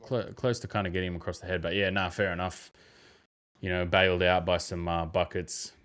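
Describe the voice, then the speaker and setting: A young man with a very low voice hosts a casual basketball podcast. He reviews game clips, animated and full of exclamations. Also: fairly quick, clear, resonant tone. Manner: animated, bursts into loud mimicry and exclamations. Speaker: podcast host.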